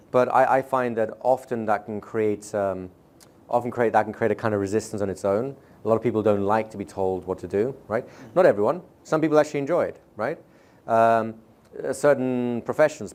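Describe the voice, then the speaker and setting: Brisk, chatty male seminar trainer. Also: medium pitch, darkish tone. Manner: brisk and conversational, checks in with the audience, slows down sharply to demonstrate. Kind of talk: live teaching to a seminar audience. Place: seminar room with a live audience.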